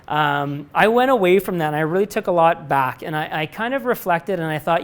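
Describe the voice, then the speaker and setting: A man's voice: sits high, lively intonation, fairly quick, hardly any pauses, a bit bright. A middle-aged man, a company president, answering student questions in a live talk, candid and rambling with frequent restarts and casual swearing. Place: lecture room before a live audience.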